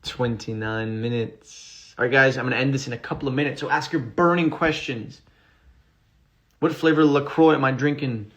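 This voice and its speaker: A man's voice: mid-range voice, normal speed. A male actor casually reading out fan questions during a livestream and answering with fillers and restarts. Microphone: phone.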